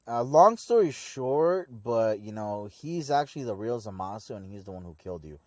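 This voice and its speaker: A man's voice: lowish voice, expressive, normal speed, hardly any pauses, dry recording, studio quality. A young man hosting an anime review, recapping an episode in a rambling, slangy way and mock-voicing the characters. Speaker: anime review channel host.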